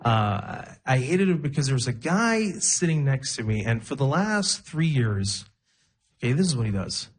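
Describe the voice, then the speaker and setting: Very animated, with a medium-pitched voice and a moderate pace, a young man in his twenties delivers live stand-up comedy. He narrates casually and acts out each person he quotes, while the audience makes noise around him.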